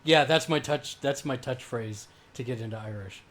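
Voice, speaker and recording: Guy playing a tabletop game, playful quiet asides, mid-pitch voice. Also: moderate pace. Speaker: player.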